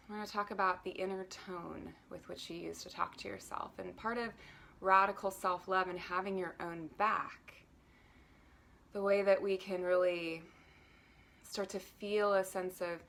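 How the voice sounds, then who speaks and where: Woman, self-love coach, gentle guided talk, lowish voice, calm pace. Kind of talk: guided breathing and teaching on a live stream.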